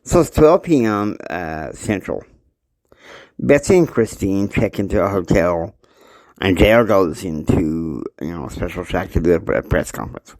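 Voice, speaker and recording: A man telling a long improvised story in a loose, halting way, full of "you know" fillers. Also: low-pitched, expressive, darkish tone, no echo.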